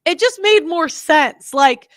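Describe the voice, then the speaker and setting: Young woman host, high voice, close dry mic, blunt and rambling with fillers. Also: lively intonation, slow, no room sound. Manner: chatty, rambling, blunt, many fillers and restarts. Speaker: podcast host. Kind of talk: casual opinionated monologue.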